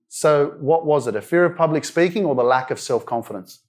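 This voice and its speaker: A man's voice: a little high, animated, slow, long pauses. A man in his thirties giving a blunt, emphatic live motivational speech at a wellness centre event, swearing freely as he pushes his audience. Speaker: motivational speaker.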